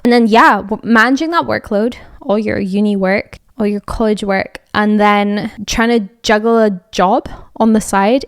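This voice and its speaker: A woman's voice: mid-range voice, clear, resonant tone, no room sound, studio quality. A young woman hosting a podcast, talking candidly in a casual chat with frequent fillers. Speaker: podcast host.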